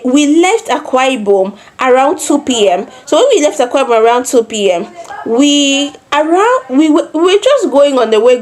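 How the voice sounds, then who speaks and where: A Nigerian woman in her twenties telling a personal story in a vlog, animated, with repeated phrases and acted-out quotes. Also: sits high. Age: 20s. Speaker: vlogger.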